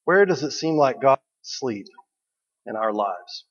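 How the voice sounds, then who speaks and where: A man's voice: mid-range voice, animated, moderate pace, breathy edge. A man preaching a sermon in a conversational way, asking the listeners questions and repeating key phrases. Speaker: pastor. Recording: dull recording with long hall reverb.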